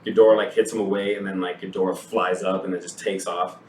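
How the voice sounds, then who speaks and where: A man co-hosting a casual movie review podcast, retelling scenes in a lively way and acting out the characters' lines. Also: low-pitched, fast. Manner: animated retelling, acts out quotes, laughs often. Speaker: podcast co-host. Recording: echoey room, distant mic, faint noise.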